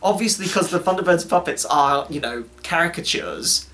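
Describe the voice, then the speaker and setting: Chatty laughing man, fairly high voice. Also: expressive, normal speed, a bit bright. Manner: chatty, laughing, swears, mimics characters. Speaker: co-host. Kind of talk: casual chat.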